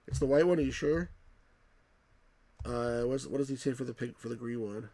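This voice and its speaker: A man's voice: mid-range voice, a little slow, pauses often, mellow. A man hosting a let's play, rambling casually as he reads game text and chat aloud.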